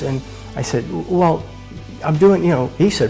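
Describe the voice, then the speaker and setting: Man in his 70s, halting, repeats words, mid-pitched, music behind. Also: vocal fry, dark tone, poor audio. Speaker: testimony speaker. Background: music playing.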